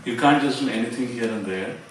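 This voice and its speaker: A man's voice: medium pitch, fast talker, a little hiss or hum. A man presenting a religious seminar, explaining step by step, quoting scripture and using fillers. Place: temple seminar hall. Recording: very echoey hall, distant mic.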